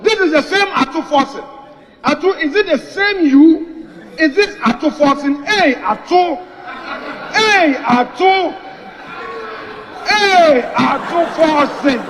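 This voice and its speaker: A man shouting teasingly at a rally. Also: very high-pitched, animated, slow pace, pauses often. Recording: echoey hall with loud crowd.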